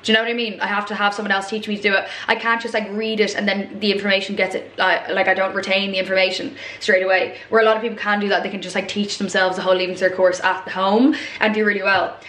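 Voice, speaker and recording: A woman's voice: mid-range voice, little pitch movement, quick pace, few pauses, a bit bright. Irish woman in her twenties, rambling chatty vlogger, roomy echo. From Ireland. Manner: rambling, chatty, many fillers and asides. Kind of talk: casual chat while cooking. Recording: echoey room.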